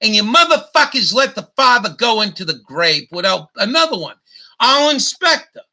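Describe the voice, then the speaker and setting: A man hosting his own YouTube show, delivering an angry, profane rant with halting restarts and stumbles. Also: high voice, big pitch swings, gravelly, bright, forceful tone. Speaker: YouTube host. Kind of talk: profane ranting monologue.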